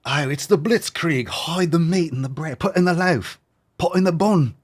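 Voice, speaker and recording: A man voicing a panicked old-time villager in a shrill, frantic falsetto. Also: moderate pace, close to an everyday voice.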